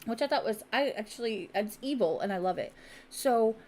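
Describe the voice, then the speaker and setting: A woman with a somewhat high voice tells a crude story on a casual podcast. She is blunt and swears freely, acting out every voice she quotes. A faint hiss of noise sits under the recording. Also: moderate pace. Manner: animated storyteller who acts out quoted voices; profane and blunt. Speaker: podcast host.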